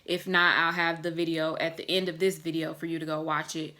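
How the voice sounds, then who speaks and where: A woman in her twenties chatting casually to her viewers in a vlog, relaxed and candid, with lots of "like" and "um" fillers. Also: sits low, fairly quick. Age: 20s. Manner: warm and candid, talking straight to viewers. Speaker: vlogger.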